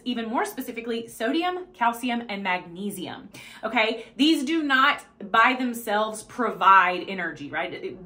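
Bright, blunt-talking woman fitness coach. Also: fairly high pitch. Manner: blunt and profane, emphatic; repeats "okay?" and "right?" to check in. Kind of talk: casual motivational vlog.

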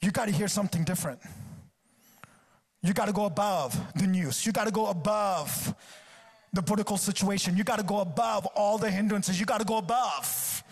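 A man's voice: high voice, brisk, breathy edge. A male guest preacher delivering a sermon at a church service, exhorting with emphatic repetition.

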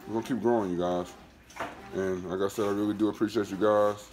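A man with a lowish voice chats loosely with his viewers in casual, profane street talk, breaking off to talk to his dogs. The recording is noisy, with dogs moving and barking around him. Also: fairly even intonation, quick pace, darkish tone. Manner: talks to his dogs between remarks to viewers. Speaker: dog breeder vlogger. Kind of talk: casual vlog chat.

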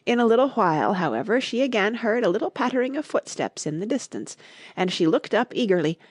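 Expressive woman reading a storybook. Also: mid-range voice, a little fast, breathy edge, no room sound. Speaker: audiobook narrator.

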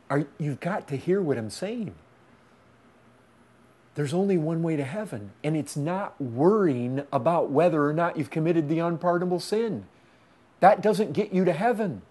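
A man preaching a sermon with impassioned urgency, swinging from loud pleas to hushed intensity, in a repetitive, pleading cadence. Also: fairly high pitch.

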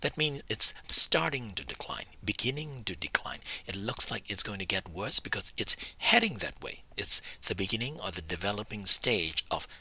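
A man teaching a language lesson in a scripted, careful way, repeating each example phrase slowly. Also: fairly low pitch, sing-song, bright, forceful tone, slightly rough.

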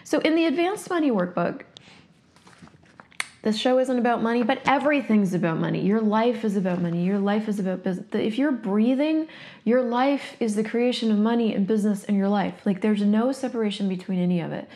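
A woman's voice: medium pitch, fairly quick, mellow. A woman speaking as a facilitator in a blunt, emphatic motivational monologue, swearing freely and reading passages aloud from a workbook. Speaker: coaching facilitator.

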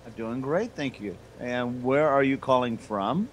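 A man's voice: mid-range voice, expressive, unhurried, a little hiss or hum. A man in his forties hosting a casual gaming podcast, greeting callers and asking them friendly questions. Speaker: podcast host.

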